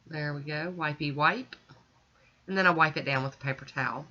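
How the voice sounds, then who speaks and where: A woman's voice: low-pitched, fast, bright, forceful tone. A woman vlogger chatting casually through a nail art tutorial and talking straight to her viewers in a folksy, homey way. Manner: chatty, folksy, talks to viewers while working. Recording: dull lo-fi recording.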